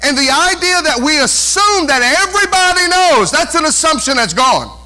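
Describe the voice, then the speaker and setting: High bright-voiced preaching pastor. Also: male voice, sing-song, normal speed, rough recording. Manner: emphatic preaching with rhetorical questions. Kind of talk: sermon. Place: church.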